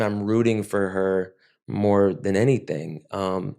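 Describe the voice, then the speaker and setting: Low-voiced man talking reflectively. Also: gravelly, darkish tone. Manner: reflective, halting with restarts. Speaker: guest. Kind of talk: podcast interview.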